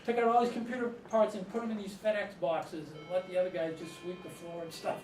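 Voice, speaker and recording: A man's voice: high-pitched, steady tone, fast talker, a little mellow, faint music behind. A middle-aged man from Massachusetts, telling rambling stories to a live audience and chuckling often. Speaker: author and storyteller. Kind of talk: storytelling talk to a live audience. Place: room with an audience. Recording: echoey room, distant mic, noisy.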